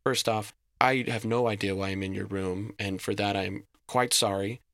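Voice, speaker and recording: A man's voice: on the low side, fairly even intonation, normal speed, a bit bright, no room sound, clean studio sound. A man voicing a timid, polite, friendly male goblin who talks nervously and apologetically. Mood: earnest.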